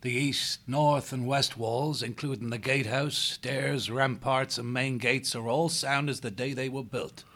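Steady male squirrel figure, put on by a male narrator, firm, crisp, commanding. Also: mid-range voice, measured pace, few pauses, pitched above the performer's own voice. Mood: reassuring.

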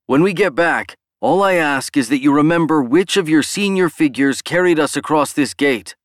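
A man doing a booming human leader. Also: lively intonation, moderate pace, dry recording, clean studio sound, close to an everyday voice. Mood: rousing. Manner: booming, near shouting. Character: booming male human leader rallying a crowd.

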